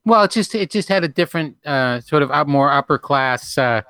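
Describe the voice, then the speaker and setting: A man's voice: a little high, lively intonation, brisk, fairly bright tone, clean tone, no room sound. A man in casual podcast chat who muses aloud with hesitant fillers. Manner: musing, hesitant.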